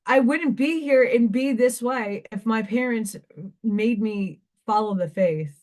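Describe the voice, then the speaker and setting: Woman, craft stream host, high pitch, emotional rambling rant, tearful edge. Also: a little slow, a little mellow. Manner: emotional, ranting, repeats herself. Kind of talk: casual live-stream monologue.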